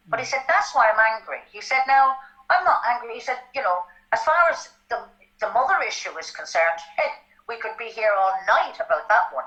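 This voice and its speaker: An older Irish woman telling a personal story in an interview, animated and often checking in with "right?". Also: fairly high pitch, moderate pace. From Ireland. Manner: animated, tag questions like "right?". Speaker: guest. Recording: dull lo-fi sound.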